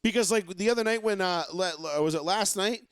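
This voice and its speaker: A man's voice: high voice, a little fast, fairly bright tone, smooth, no echo. A man hosting a casual sports talk podcast, ranting and swearing, mocking fans, into a close mic. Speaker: podcast host.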